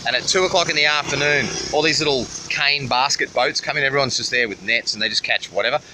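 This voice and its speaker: A man's voice: mid-range voice, quick pace. Profane, rambling Australian man. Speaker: vlogger. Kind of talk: casual roadside travel vlog. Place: outdoors at a busy roadside. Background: faint passing traffic.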